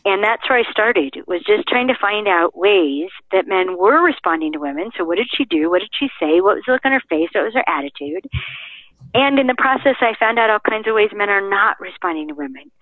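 A woman's voice: medium pitch, brisk, dry recording. A woman guest in an interview, telling stories with energy and acting out the quotes. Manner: lively storyteller, acts out quotes. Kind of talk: interview chat. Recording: dry phone-line sound.

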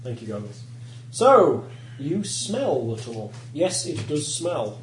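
Man running a tabletop game, roomy distant sound. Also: on the high side. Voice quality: lively, halting descriptions with pauses and restarts. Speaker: game master. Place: room with players around a table. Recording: roomy recording from a distant mic with background noise.

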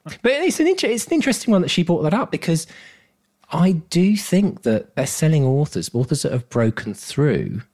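A man's voice: on the high side, sing-song, normal speed, darkish tone. A man co-hosting a podcast as a coach, talking in an earnest, motivational way and laughing often. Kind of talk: casual chat.

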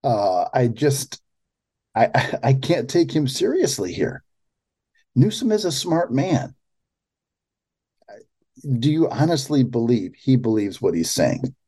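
A man's voice: medium pitch, very animated, mellow, slightly rough. A man hosting a political commentary show, talking in an incredulous way and often restarting his sentences. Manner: incredulous, halting with repeated restarts. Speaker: podcast host.

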